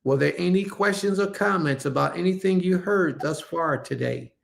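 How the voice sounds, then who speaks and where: A man's voice: sits high, normal speed, vocal fry. A man leading an online religious service over a live stream, preaching casually, repeating himself for emphasis and calling his listeners family. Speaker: congregation leader.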